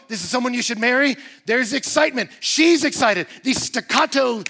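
Animated preaching man, bright high voice. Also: moderate pace, gravelly, hardly any pauses, big-room sound. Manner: animated, emphatic preaching with rising bursts. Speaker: pastor. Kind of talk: sermon. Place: church auditorium.

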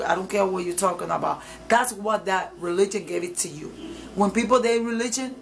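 A woman's voice: mid-range voice, a little hiss or hum, low-quality recording. A woman evangelist preaching informally to camera, emphatic and repetitive, in nonstandard English.

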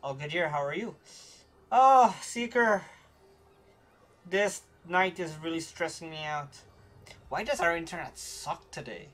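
A woman streaming a game, chatting casually with viewers in an animated way, quick to get frustrated. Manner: voice jumps high when excited.

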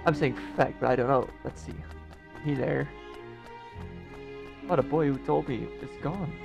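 A man's voice: medium pitch, a little slow, creaky, muffled recording. Young man, gameplay commentary, rambling, joking, game music behind. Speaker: gameplay streamer.

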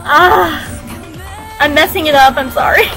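A woman reacting to game cutscenes, gushing with excited exclamations. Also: high-pitched, a little slow. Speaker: video game reaction channel host. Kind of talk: casual reaction commentary. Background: game music.

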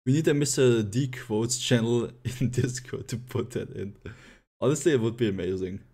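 A man's voice: mid-range voice, normal speed, dark tone, slightly rough. A man streaming live gameplay, playfully chatting with viewers and laughing often.

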